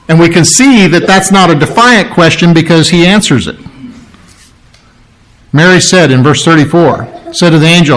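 A man preaching a sermon, explaining scripture earnestly and acting out the story with lively voices. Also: fairly high pitch, normal speed, poor audio.

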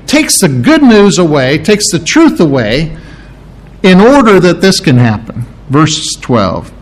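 Man, pastor, sermon, slightly high voice, very animated pitch, emphatic repetition. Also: low-quality recording. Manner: preaching with emphatic repetition, explaining Greek terms.

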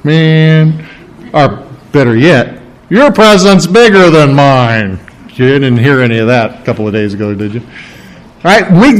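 A man preaching a sermon to a congregation, teaching from scripture with emphatic rises and restarts. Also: poor audio. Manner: animated preaching, rising in pitch for emphasis, with restarts. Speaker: pastor. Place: room with a congregation.

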